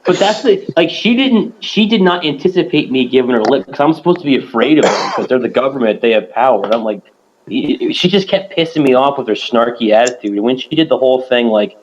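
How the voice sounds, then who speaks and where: A man co-hosting a podcast, telling a story with lots of swearing, his voice middle in pitch. The sound is slightly dull and lo-fi with a faint hiss behind him. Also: brisk. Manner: animated storytelling, swears a lot. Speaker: podcast co-host. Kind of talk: casual profane chat.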